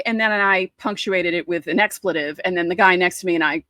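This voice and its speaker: A woman, co-hosting a podcast and chatting casually, telling lively stories and acting out quotes. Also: lowish voice, fairly quick, no room sound. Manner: animated storyteller, acts out quotes. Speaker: podcast co-host. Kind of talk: casual chat.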